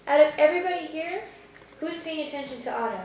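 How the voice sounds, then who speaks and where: A woman's voice: sits high, fast talker, a little mellow, slight background noise. A woman teacher reading a picture book with a child, asking patient, coaxing questions. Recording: echoey room, mic far off.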